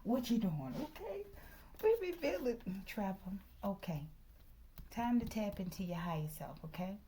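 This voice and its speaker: A woman's voice: medium pitch, big pitch swings, normal speed, dark tone. Chatty tarot-reading woman, half-whispering. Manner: chatty, slips into whispers, says "okay" constantly. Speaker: tarot reader.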